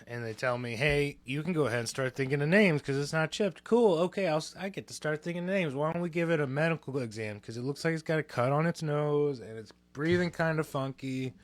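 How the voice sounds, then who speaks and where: A man's voice: medium pitch, dry recording. A young man co-hosting a podcast, telling a story in casual chat, candid and swearing freely. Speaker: podcast co-host.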